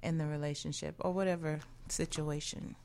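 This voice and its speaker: A woman's voice: deep voice, fairly even intonation, normal speed, creaky, darkish tone. A woman co-hosting a radio talk show, speaking candidly and laughing easily. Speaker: radio co-host.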